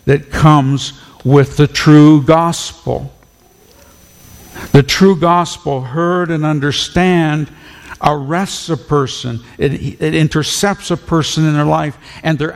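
Male pastor, sermon delivery, emphatic with repeated phrases; slow pace, echo of a church hall. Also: on the high side, fairly even intonation. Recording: long reverb of a church hall.

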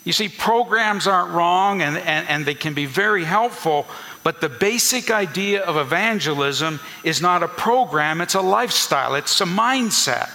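A man's voice: sits high, animated, normal speed, vocal fry, pushed and bright, long reverb tail. A man preaching a sermon as a pastor, teaching earnestly and repeating key points for emphasis.

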